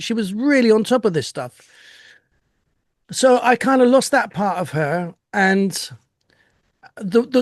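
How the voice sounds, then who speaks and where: Older guy, pretty high voice, dry close sound, chatting from home, laughs a lot, restarts lines. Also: no room sound. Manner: reflective, with self-deprecating laughs and restarts. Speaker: interview guest. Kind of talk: casual chat.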